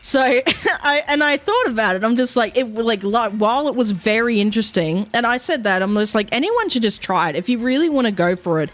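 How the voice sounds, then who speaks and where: A young Australian woman streaming, telling a story in animated casual chat, laughing often and swearing freely. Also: on the high side, a little fast.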